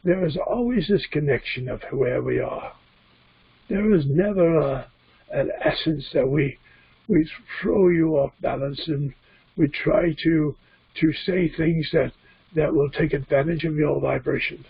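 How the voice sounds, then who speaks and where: A man voicing a calm male spirit guide that speaks through him, measured and solemn, on a dull, dry computer recording. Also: fairly high pitch, vocal fry, husky, pitched above the performer's own voice, exaggerated voice. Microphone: computer mic.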